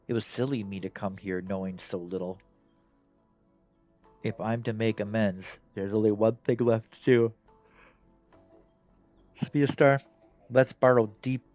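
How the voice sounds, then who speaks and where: A man's voice: on the low side, darkish tone, natural voice. A man reading as an earnest young scholar. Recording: dull lo-fi audio, faint game music.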